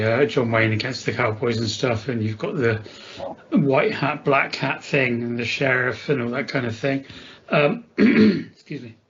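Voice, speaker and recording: A man lays out his views on a film in a measured, thoughtful way, speaking very slowly. The audio is dull and lo-fi, with faint background sound. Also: mid-range voice, a bit bright, slight background noise. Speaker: podcast guest. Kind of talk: film analysis.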